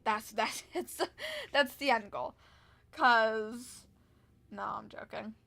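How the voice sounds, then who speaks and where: A woman's voice: fairly high pitch, takes it slowly, creaky, bright, forceful tone. A young woman streaming a game and telling a rambling, exasperated story about work, full of restarts and fillers. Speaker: live streamer. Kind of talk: casual storytelling while gaming.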